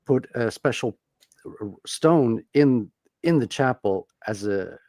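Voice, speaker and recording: A man's voice: mid-range voice, expressive, takes it slowly, a little mellow, no echo, clean studio sound. A French Canadian man telling stories in a casual podcast chat, earnest and explanatory. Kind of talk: casual storytelling.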